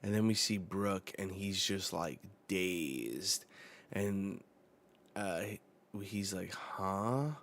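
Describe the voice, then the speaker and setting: A low-voiced man hosts a casual live manga reaction, reading the pages aloud as he goes. He speaks slowly and loosely, with plenty of fillers between his thoughts. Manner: relaxed, rambling, uses many fillers.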